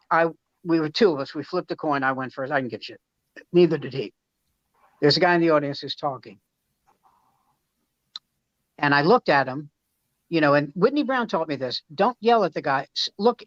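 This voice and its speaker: A man's voice: on the high side, brisk, pauses often, a bit bright, no room sound. A middle-aged male comedian telling rambling, profane backstage anecdotes in casual chat, with frequent restarts. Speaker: stand-up comedian. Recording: slightly muffled dry recording.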